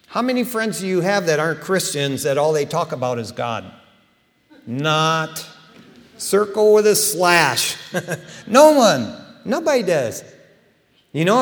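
A middle-aged man preaching a sermon in a casual, animated storytelling way, acting out quotes. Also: a little high, unhurried, long reverb tail. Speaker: pastor.

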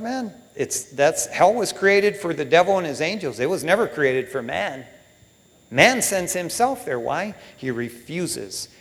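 Male preacher, casual slangy sermon, fairly high voice, long hall reverb. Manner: casual, slang-filled, animated.

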